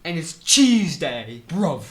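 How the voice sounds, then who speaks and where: A man voicing a brash young male London tough guy in a put-on London accent, loud and saying "bruv" constantly. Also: a little high, big pitch swings, takes it slowly, voice pushed up, full character voice. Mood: boisterous.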